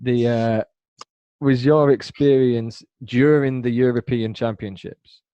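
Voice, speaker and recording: Man, podcast host, mellow voice, laid-back, teasing, dry lo-fi audio. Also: medium pitch, fairly even intonation, slow pace, clean tone, no room sound. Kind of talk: casual interview chat.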